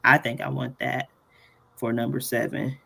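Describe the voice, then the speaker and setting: A man's voice: medium pitch, flat delivery, moderate pace, vocal fry, sharp tone, breathy edge. A man hosting a casual live tutorial, chatty and playful, often laughing between points. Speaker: workshop host.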